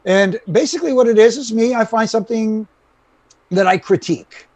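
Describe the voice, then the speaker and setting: A man's voice: high voice, normal speed, dry recording. A middle-aged man telling stories as a guest on a video call podcast, acting out quotes and peppering his speech with "you know.". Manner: animated, acts out quotes, frequent "you know". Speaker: guest, retired referee. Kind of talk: casual storytelling on a podcast.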